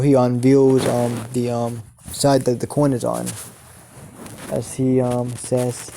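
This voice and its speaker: A man improvises a fan story, narrating haltingly and filling pauses with hesitant sounds. His pace is slow and unhurried. His voice is dark and mellow. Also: medium pitch, a little hiss or hum. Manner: halting, many filler sounds.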